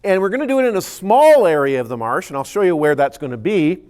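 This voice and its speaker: A man's voice: high-pitched, big pitch swings, quick pace, darkish tone. A man who is a scientist, giving an explanatory public presentation with slides and often repeating words as he restarts a sentence. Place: community meeting room.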